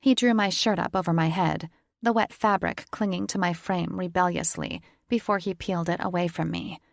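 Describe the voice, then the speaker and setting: A woman's voice: on the low side, fairly even intonation, moderate pace, vocal fry, no echo, clean studio sound. A woman narrating a first-person romance audiobook in an intimate, teasing reading.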